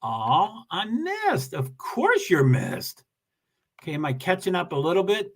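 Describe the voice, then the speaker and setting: A man with a highish voice, big pitch swings and a slightly slow pace hosts a casual livestream. He greets viewers and reads their comments, rambling in a self-deprecating way and restarting often.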